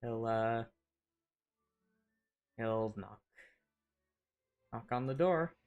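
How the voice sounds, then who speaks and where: A player in a tabletop game, casual and quick to laugh as they describe their character. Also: medium pitch, a little mellow, muffled recording.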